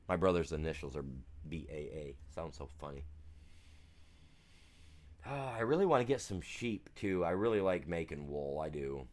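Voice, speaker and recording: Deep-voiced american guy rambling on his game stream, telling stories and laughing at himself. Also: sing-song, moderate pace, long pauses. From United States. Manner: rambling, storytelling, self-deprecating. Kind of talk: casual live-stream chat.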